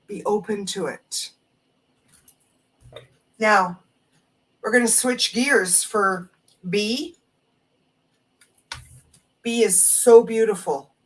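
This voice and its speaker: A woman hosting a live spiritual stream, gently reading oracle card messages aloud and reflecting on them. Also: mid-range voice. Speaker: host reading oracle cards. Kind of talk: slow spiritual live talk. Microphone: phone or webcam on a live stream. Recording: distant from the mic.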